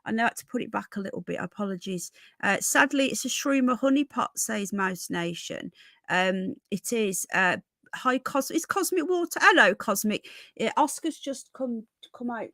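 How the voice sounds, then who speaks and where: A woman hosts a casual livestream from home, greeting each viewer by name and calling them darling and sweetheart. Her voice sits fairly high. The sound is dry and close, with little room around it. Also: animated, normal speed, bright, forceful tone, dry recording. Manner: chatty, affectionate, calls viewers darling and sweetheart. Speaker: livestream host.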